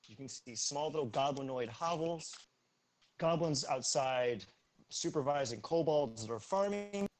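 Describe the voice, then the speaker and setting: A man narrating a tabletop role-playing game as game master, explaining rolls quickly between relaxed fillers. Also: on the high side, a little hiss or hum.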